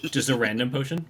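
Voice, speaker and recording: A man acting as game master, narrating a tabletop game in a relaxed way, with fillers and easy laughter. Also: medium pitch, slight background noise.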